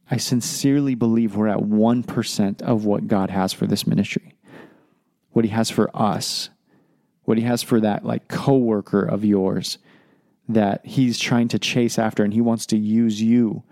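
A man's voice: lowish voice, fairly even intonation, a little slow, mellow, no echo. A man hosting a podcast, making a heartfelt, pleading appeal in casual speech full of "man" and "dude". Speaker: podcast host.

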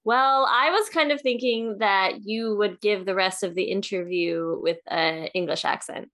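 A woman co-hosts a podcast in an easygoing, teasing way. Her voice is mid-pitched and relaxed in manner. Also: a little slow. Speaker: podcast co-host. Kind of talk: casual chat.

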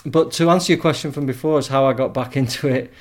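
A middle-aged man from England with an English accent, a podcast guest telling his story in relaxed conversation and often repeating words as he restarts. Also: medium pitch, fast talker. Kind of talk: casual interview storytelling.

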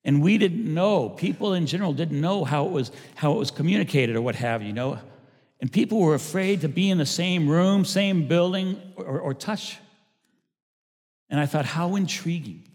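Animated preacher in a reverberant church. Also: male voice, fairly high pitch, normal speed. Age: older. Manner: animated, swings from loud emphasis to hushed. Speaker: pastor. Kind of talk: sermon. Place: church sanctuary.

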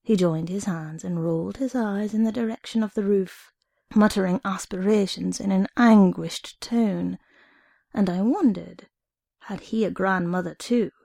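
Expressive woman storyteller for audiobook narration, warm and gravelly. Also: medium pitch, measured pace, no echo, clean studio sound. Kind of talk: audiobook reading of a short story.

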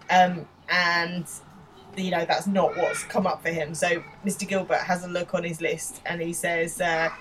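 Low-voiced woman recapping a show. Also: far from the mic, slight background noise, low-quality recording. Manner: chatty, laughs often while retelling scenes. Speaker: podcast co-host. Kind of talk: casual episode recap.

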